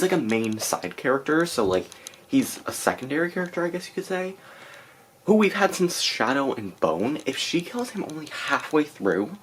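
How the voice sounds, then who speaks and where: A woman's voice: a bass voice, slight background noise. Chatty young woman vlogging about books. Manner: chatty and exasperated, many fillers. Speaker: book vlogger. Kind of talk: casual reading vlog. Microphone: camera mic.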